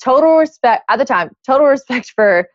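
A young woman telling a story in casual chat, animated and acting out what others said. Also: high voice, fairly quick, no echo, muffled recording. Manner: animated, acts out quotes in other voices. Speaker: podcast guest.

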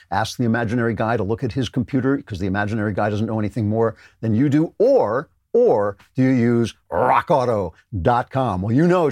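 A man's voice: medium pitch, a little mellow, dry recording, clean studio sound. A man hosting a political commentary show, talking in a sardonic, emphatic way. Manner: sardonic, emphatic, reads ad copy with jokey flair. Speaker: host.

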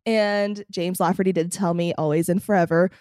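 A woman's voice: lowish voice, moderate pace, no room sound. Young woman guest on a podcast, chatty storyteller doing little voices for quotes, dry close mic. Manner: animated storytelling, acts out quotes, laughs often. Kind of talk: casual chat.

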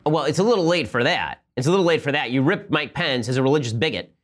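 A man hosting a political commentary podcast. He fires off sarcastic, combative points at a very quick pace. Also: on the high side, animated. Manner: combative, sarcastic, rapid-fire. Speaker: podcast host.

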